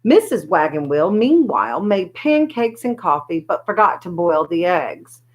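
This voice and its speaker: A woman reading a children's chapter book aloud, with lively, expressive storytelling. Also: fairly low pitch, unhurried, rough recording. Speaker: storybook reader.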